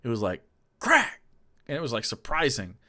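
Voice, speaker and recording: A man's voice: medium pitch, huge pitch swings, normal speed, bright, forceful tone. A man streaming live and telling rambling, profane stories, laughing often as he talks. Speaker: streamer reacting to a clip. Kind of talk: casual livestream storytelling.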